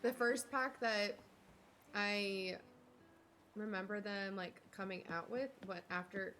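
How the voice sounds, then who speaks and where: A woman's voice: mid-range voice, steady tone, slow, a bit bright, slight background noise. A young woman streamer chatting casually while she plays a cozy life-sim game, rambling and talking to her chat.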